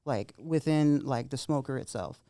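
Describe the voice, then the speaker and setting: A man's voice: medium pitch, normal speed, warm tone, dry recording. A man talking as a podcast guest in a casual chat, rambling, swearing constantly and filling his talk with "like".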